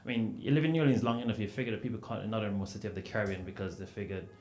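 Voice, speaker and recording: A man from Jamaica with a Jamaican accent, telling anecdotes as a panelist, animated and full of "you know" fillers. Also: lowish voice, racing. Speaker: panelist author. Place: event hall at a book festival panel. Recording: roomy hall sound with faint noise.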